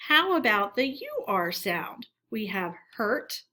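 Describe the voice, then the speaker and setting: A woman teacher giving a recorded phonics lesson for children, reading words aloud slowly and deliberately for them to repeat. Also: fairly high pitch, very animated, sharp tone.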